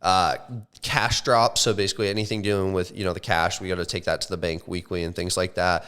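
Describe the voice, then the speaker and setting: A man's voice: low voice, brisk, smooth. Young man telling a swear-filled story. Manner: animated, swears often, says like and bro. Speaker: podcast co-host. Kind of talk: casual storytelling chat.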